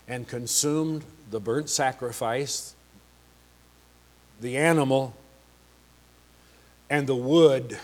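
Slow, emphatic male preacher. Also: mid-range voice. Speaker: pastor. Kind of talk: sermon.

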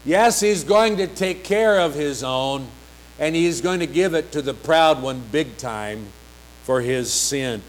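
A man preaching a sermon, reading scripture slowly and emphatically, with rising, pleading passages. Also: a little high, animated, poor audio.

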